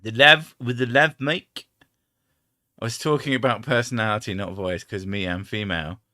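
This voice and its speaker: A man's voice: on the low side, fairly even intonation, normal speed, pushed and bright, no room sound, studio quality. A young English man from the home counties hosting a casual chat, swearing freely and trying out accents. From England, home counties. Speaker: host.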